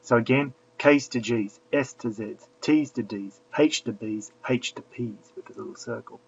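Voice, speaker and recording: A man's voice: medium pitch, normal speed, gravelly, slight background noise. A man teaching a language lesson, patiently explaining and repeating drills aloud. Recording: dull lo-fi recording.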